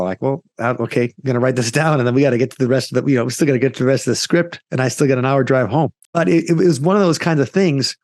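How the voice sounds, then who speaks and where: A man's voice: mid-range voice, fast talker, hardly any pauses, no room sound. Guy rambling through a ghost story, middle voice, dry close sound. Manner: rambling, animated retelling with quoted voices and fillers. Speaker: ghost tour company founder, guest. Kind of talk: casual storytelling in an interview.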